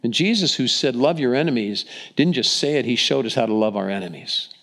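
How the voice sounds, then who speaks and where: A man preaches in an animated, mid-range voice that's a bit bright and a little fast. Vividly storytelling the scripture, he acts out quotes in character voices, with frequent restarts and repetitions.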